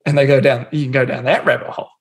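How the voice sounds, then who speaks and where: A man's voice: medium pitch, racing. A man talking in a blunt, casual way, swearing freely and acting out little scenes as he explains his views. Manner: blunt and swearing, animated storytelling. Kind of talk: casual chat.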